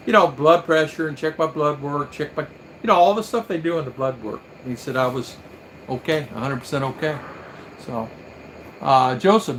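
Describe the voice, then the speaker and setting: A man's voice: medium pitch, a bit bright, a little hiss or hum, rough recording. An older man from the United States hosting a casual livestream, telling rambling stories and acting out the voices of people he quotes. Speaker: livestream host.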